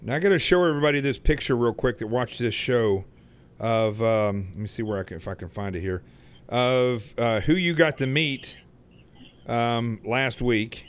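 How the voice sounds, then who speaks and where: A man from Arkansas hosts a talk show and banters with his caller. His voice sits at a middle pitch, and he jokes easily while leaning on fillers. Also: moderate pace. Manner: joking, friendly, lots of fillers. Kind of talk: casual chat with a caller.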